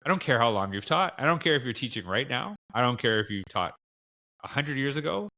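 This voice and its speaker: A middle-aged man with a Canadian accent chats as a podcast guest. His pitch sits in an ordinary middle range. He rambles loosely, full of fillers and self-corrections. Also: big pitch swings, brisk, pushed and bright. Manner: rambling, lots of fillers and restarts, acts out quoted dialogue. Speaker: podcast guest, education speaker. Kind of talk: casual interview chat.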